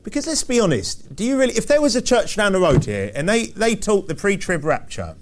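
A man's voice: high-pitched, big pitch swings, fairly quick, a little hiss or hum. A man preaching a sermon, repeating phrases with emphasis and asking the congregation rhetorical questions.

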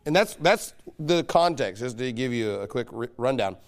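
A man preaching a sermon as pastor, emphatic and mocking, pressing his points with loud insistence. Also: medium pitch, expressive, normal speed. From United States.

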